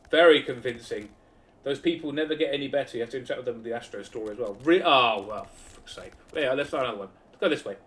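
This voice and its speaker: A man's voice: medium pitch, fast, fairly bright tone, slight background noise. A man streaming a game, chatty and joking, swearing for laughs. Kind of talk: casual gameplay commentary.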